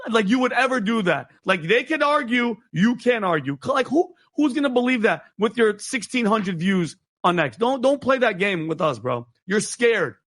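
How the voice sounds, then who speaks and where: A man speaking as a guest on a talk show, arguing in a fast, heated and emphatic way, with many restarts. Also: high voice, very animated, fairly bright tone.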